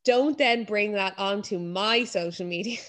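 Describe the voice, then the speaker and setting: Picture a woman co-hosting a casual chat. She rants with lots of animation, swears freely, and keeps jumping into high, mocking impressions of other people. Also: measured pace, fairly bright tone.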